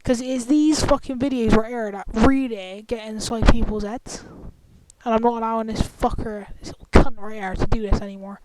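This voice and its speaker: A woman's voice: on the high side, fairly even intonation, a little fast. A woman ranting in an angry, profane, confrontational vlog commentary. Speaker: vlogger. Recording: clicky, glitchy, noisy screen-recorder audio.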